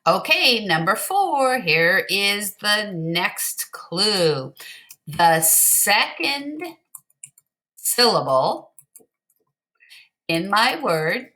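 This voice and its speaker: A woman teacher giving slow, clear, patient instructions to young pupils in a recorded word game lesson. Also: mid-range voice, very animated, bright, forceful tone.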